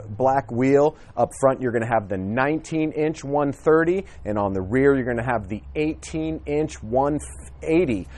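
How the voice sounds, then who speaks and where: A man's voice: mid-range voice, darkish tone. A man giving a casual, enthusiastic walkthrough of motorcycles outdoors at a dealership, filming with a handheld camera, chatty with frequent fillers.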